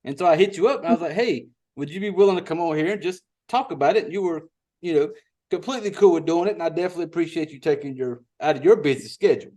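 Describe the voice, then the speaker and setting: High-voiced man hosting. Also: rapid-fire, mellow. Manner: laid-back, profane, rambling with restarts. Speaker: podcast host. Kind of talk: casual podcast chat.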